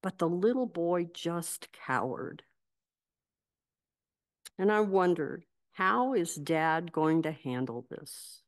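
A woman pastor delivering a sermon, telling stories in a measured, reflective way. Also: fairly low pitch, animated.

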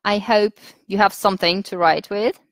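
A woman with a Russian accent leading a webinar lesson for teachers, patient and instructive, pausing often with fillers as she thinks. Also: mid-range voice, steady tone, no echo. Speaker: teacher trainer.

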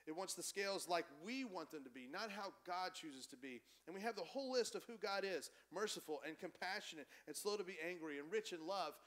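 A man preaching a conversational, animated sermon as pastor in a church. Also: a little high. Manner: animated, conversational preaching, acts out quoted voices.

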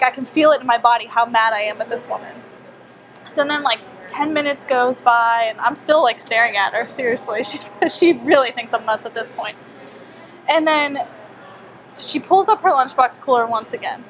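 A young woman telling a personal story to a small group, animated and chatty, acting out her own thoughts and saying "like" a lot. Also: on the high side, normal speed, slight background noise. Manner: animated, acts out her own inner voice, frequent "like". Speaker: wellness speaker. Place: small meeting room with a group.

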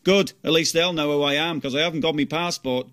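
Man reading a downbeat musician figure, dry self-mocking humour, slightly raised pitch. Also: steady tone, brisk, a bit bright, close to an everyday voice. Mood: wry. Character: resurrected famous singer, male musician, rueful and wry.

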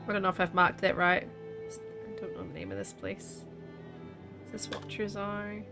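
A woman live-streaming a game in a chatty, animated way, with a mid-range voice that often rises into a questioning lilt. Game music plays faintly underneath. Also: mid-range voice, moderate pace, pauses often. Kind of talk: casual game commentary.

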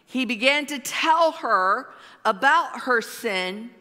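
Slow, bright-voiced woman pastor preaching. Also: fairly high pitch, expressive. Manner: slow, emphatic preaching with dramatic pauses. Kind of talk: sermon. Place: large church hall. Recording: long hall reverb.

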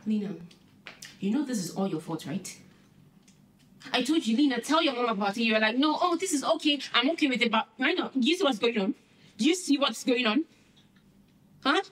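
An actress playing an anxious young best friend who keeps pressing with dramatic questions. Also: female voice, a little high, lively intonation, brisk, pauses often, natural voice. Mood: insistent.

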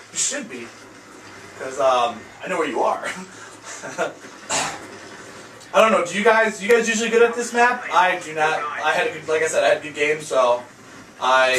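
Excitable young man, echoey room. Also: sits high. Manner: excitable, loud outbursts, trash-talking. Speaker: gaming YouTuber. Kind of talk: gameplay reaction commentary. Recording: echoey room, distant mic, noisy.

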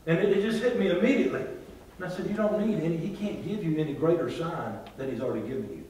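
A man preaching a sermon as pastor, drawing responses from the congregation and swinging between loud and hushed delivery. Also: fairly high pitch, quick pace. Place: large church hall. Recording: very echoey church hall, from far off.

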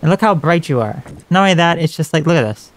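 A let's play host with a slightly high voice and lively intonation talks fast as he plays a horror game. He chats casually and makes wry remarks straight to the game's characters.

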